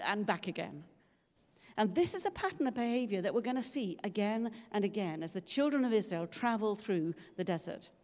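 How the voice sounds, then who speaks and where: Her voice sits mid-range and sounds slightly mellow as she preaches in a church. She tells stories in a chatty way and performs the quoted voices. The large space gives the recording a long reverb.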